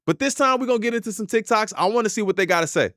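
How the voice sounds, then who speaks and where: A man hosting a reaction stream, chatting casually and cutting in with quick asides. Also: high-pitched, no echo, studio quality. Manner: lively, talks over clips with quick asides. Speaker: host reacting to clips. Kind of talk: casual chat.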